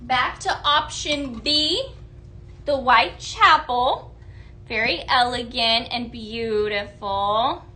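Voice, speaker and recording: A woman hosts a live shopping stream. She gushes about products and reads viewer votes aloud. Her voice is bright and sits a bit high. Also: slow. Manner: bubbly, gushing, reads viewer comments aloud. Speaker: live-selling host.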